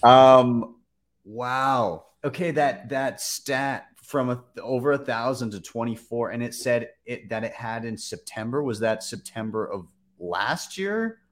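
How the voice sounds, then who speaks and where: A man's voice: mid-range voice, measured pace. A man hosting a casual finance chat, who rambles with lots of fillers and bursts into exclamations. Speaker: host.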